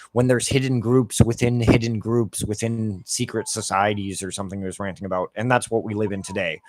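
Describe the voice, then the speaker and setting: A man giving heated, profane rants over gameplay commentary, with lots of filler "like". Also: lowish voice. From Canada. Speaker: gameplay streamer.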